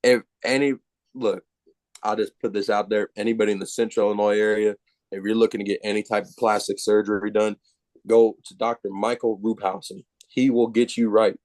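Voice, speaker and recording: Swearing, animated male storyteller, dry sound. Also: fairly low pitch, fairly quick, no room sound. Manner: profane, animated, self-mocking. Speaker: podcast guest. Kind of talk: casual storytelling.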